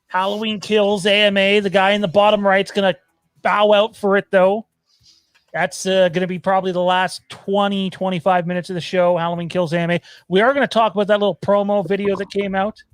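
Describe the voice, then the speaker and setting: A man's voice: high voice, dry recording. A man hosting a casual live show over a video call, running down the lineup in upbeat, teasing patter. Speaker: host.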